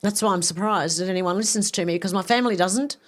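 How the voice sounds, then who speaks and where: A woman hosting a live stream from home, reading viewer messages aloud in a mid-range voice. She answers each comment with quick casual asides. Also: medium pitch. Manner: chatty, reacts to comments with quick asides and laughs.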